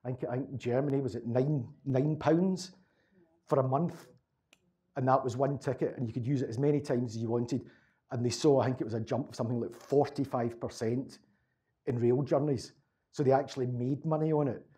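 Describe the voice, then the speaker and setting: A Glaswegian man talks through local history in a loose, rambling way, circling back on his words as he goes. His voice is mellow and warm. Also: medium pitch, fairly even intonation, brisk. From Scotland. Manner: rambling, conversational, repeats words. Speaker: local historian giving a talk. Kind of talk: casual talk answering audience questions.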